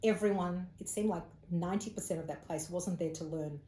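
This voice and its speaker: An Australian woman with a lowish, mellow voice recounts a personal experience as an interview guest, slipping into the voices of the people she quotes. The room is echoey, with a faint hum of background noise. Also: fairly quick. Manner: animated storyteller, acts out quoted speech. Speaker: psychic medium, interview guest. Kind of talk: casual storytelling interview.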